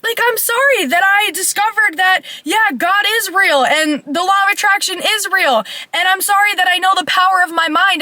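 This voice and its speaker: A woman's voice: extremely high pitch, sharp tone, no room sound. A young woman life coach ranting bluntly and profanely in a casual vlog.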